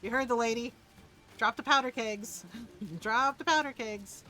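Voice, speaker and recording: A woman's voice: on the high side, unhurried, pushed and bright, faint music behind. A woman streaming a video game, chatting casually, joking, laughing often and mimicking characters as she plays. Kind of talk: casual gameplay commentary.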